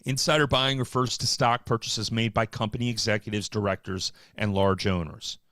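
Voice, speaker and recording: A man hosting a live stock market show, talking casually with wry, offhand asides and quick bursts. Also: lowish voice, steady tone, a bit bright, no echo, clean studio sound. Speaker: market livestream host.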